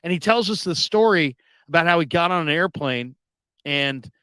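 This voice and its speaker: A radio host telling a long story in casual chat, acting out the people in it with loud, high outbursts. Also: male voice, moderate pace, clear, resonant tone, no room sound. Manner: animated, acts out quoted people with sudden loud high outbursts.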